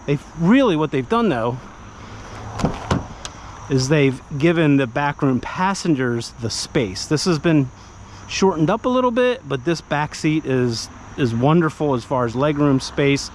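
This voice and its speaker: A man with a slightly high voice gives a relaxed, conversational car review. He walks the listener through the vehicle in an animated, talky way and acts out little buyer exchanges. A faint hiss of background noise sits under the recording. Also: measured pace. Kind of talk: casual car review walkaround.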